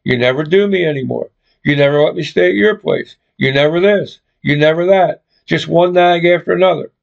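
A man's voice: fairly high pitch, a little fast, gravelly. A man voicing an evasive, condescending young man who talks in curt, dismissive lines, on a dull lo-fi recording. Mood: exasperated.

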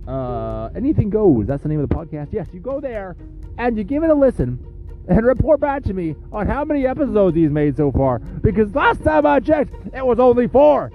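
A man's voice: high-pitched, big pitch swings, normal speed, narrow, tinny audio, faint music behind. A man with a cold hosting a podcast, rambling and cursing through sarcastic trash talk. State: sniffling with a cold. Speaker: podcast host. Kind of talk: rambling crude comedic monologue.

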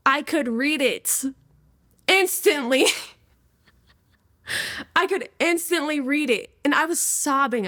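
Lively young woman telling her testimony. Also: high-pitched, moderate pace, no room sound, clean studio sound. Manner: lively, laughs often, slangy. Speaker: interview guest. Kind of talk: casual testimony storytelling.

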